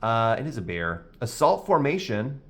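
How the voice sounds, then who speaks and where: A man in casual chat, reading card names slowly with frequent "uh"s and hesitations. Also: medium pitch, sing-song, a bit bright. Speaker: co-host opening card packs.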